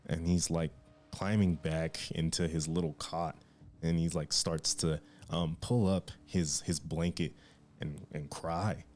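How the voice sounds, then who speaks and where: A man narrating as game master in a tabletop game, halting and restarting as he draws out his descriptions. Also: low-pitched, little pitch movement, darkish tone. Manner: halting, with many fillers and restarts, drawn-out descriptions.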